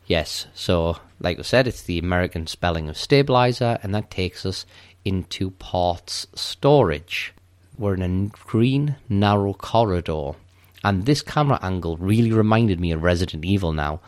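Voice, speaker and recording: Very deep-voiced man walking through a game. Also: lively intonation, moderate pace, no room sound. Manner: methodical, step-by-step recounting. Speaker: podcast co-host. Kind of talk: casual game walkthrough chat.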